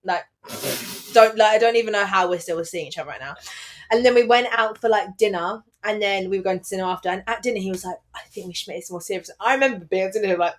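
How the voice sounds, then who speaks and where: Young woman rattling off a story super quick, swears a lot, acts out all the quotes. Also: medium pitch. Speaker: podcast co-host. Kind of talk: casual chat.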